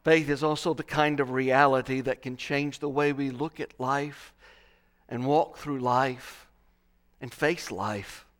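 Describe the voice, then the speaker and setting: Slow, dramatic male preacher. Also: medium pitch, fairly even intonation. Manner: slow, dramatic preaching with swells and hushed drops. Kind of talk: sermon.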